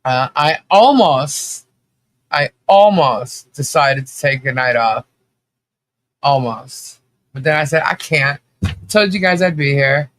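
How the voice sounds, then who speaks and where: A man hosts a relaxed livestream chat, greeting his viewers one by one in an unhurried, drawn-out way. His voice sits on the high side with a bright, sharp edge and a slight nasal stuffiness from allergies. He talks chattily, with plenty of fillers and easy laughter. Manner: chatty, laughs often, many fillers and restarts. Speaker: livestream host.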